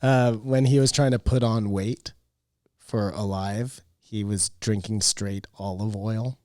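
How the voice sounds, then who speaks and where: Mellow-voiced man rambling through podcast stories. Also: fairly low pitch, steady tone, takes it slowly, no echo, clean studio sound. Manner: rambling storyteller, trails off with fillers. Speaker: podcast co-host. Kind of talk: casual chat.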